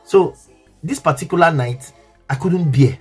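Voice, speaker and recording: A man's voice: on the high side, unhurried, slightly rough, faint music behind. A man with a Nigerian English accent telling an emotional story to his viewers, earnest and repetitive, often asking if they understand.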